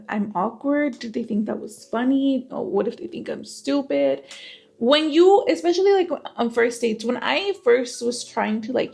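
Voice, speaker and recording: Young woman, slight lisp, highish voice, casual vlog host talking straight to camera. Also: vocal fry, a little mellow, slightly rough. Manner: candid, chatty, swears casually. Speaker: self-improvement channel host.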